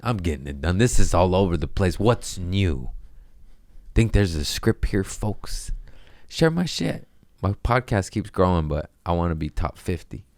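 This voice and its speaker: A man's voice: low-pitched, moderate pace, darkish tone, dry recording, studio quality. A man hosting his own podcast, rambling crudely in a casual monologue and laughing at his own jokes. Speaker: podcast host.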